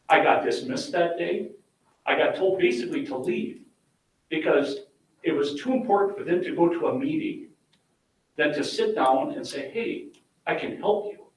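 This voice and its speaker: Frustrated dad, high voice, echoey room. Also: male voice. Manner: frustrated, pleading, plainspoken. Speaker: parent speaking at public comment. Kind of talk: public comment at a school board meeting. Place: school board meeting room. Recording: echoey room mic from far off.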